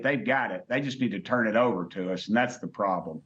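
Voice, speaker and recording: A man's voice: fairly low pitch, fairly quick, fairly bright tone. Folksy Southern-accented congressman, muffled remote feed. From United States. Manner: folksy, colloquial and blunt. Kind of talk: remote interview.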